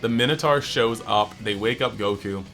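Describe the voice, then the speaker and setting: Male anime reviewer, bright tone, loose and chatty, acts out quotes as he goes. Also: on the low side, soft background music. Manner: animated, acts out characters' lines in quick bits; chatty, heavy use of "like". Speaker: anime review channel host. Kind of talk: casual episode breakdown.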